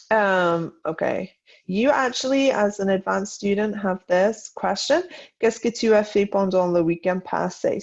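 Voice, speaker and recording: Woman teaching french, real slow and careful, bit of vocal fry, dull lo-fi sound. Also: medium pitch, a little mellow. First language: English. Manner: slow, deliberate modelling of French sentences. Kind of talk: recorded online lesson. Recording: dull lo-fi audio.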